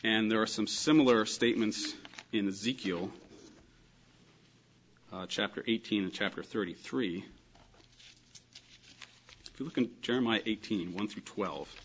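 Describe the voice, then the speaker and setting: A man's voice: on the low side, unhurried, long pauses, lo-fi sound, slight background noise. A man giving a thoughtful, explanatory Bible lesson, stressing key points with emphasis. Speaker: Bible teacher. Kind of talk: lecture on scripture.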